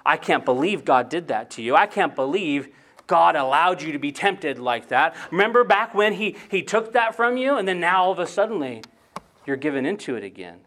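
Sly male devil tempter, coaxing and falsely sympathetic, put on by a preacher in a fairly high voice. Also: sing-song, moderate pace, a bit bright. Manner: coaxing, sympathetic-sounding taunts.

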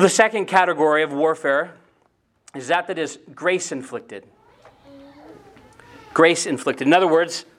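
Male preacher with a fairly high voice, earnest and heavy on rhetorical questions. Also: a bit bright. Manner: earnest, repeats words, many rhetorical questions. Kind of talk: sermon.

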